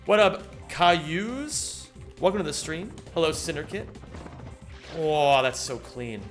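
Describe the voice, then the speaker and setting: Young man, streamer, casual gaming chat, slightly high-pitched, swears freely, faint music underneath. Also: big pitch swings, slow pace. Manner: swears freely, thanks viewers, rambles with restarts.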